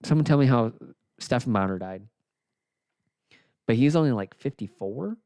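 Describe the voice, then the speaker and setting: Smooth-voiced, profane male podcaster. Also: medium pitch, animated, normal speed, darkish tone, dry recording, studio quality. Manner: profane, teasing, challenging. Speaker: podcast co-host. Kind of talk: casual chat.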